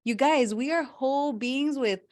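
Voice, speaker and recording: Brief: woman, age 30, summit host, chatty and rambling, slightly high voice. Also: a little slow, a little mellow. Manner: chatty, rambling, self-correcting. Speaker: summit host and life coach. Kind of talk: casual introduction on a video call.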